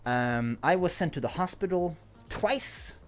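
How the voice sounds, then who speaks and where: A man's voice: a little high, lively intonation, unhurried, soft background music. A man with a non-native English accent chatting casually on a livestream, rambling, joking and laughing often. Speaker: streamer.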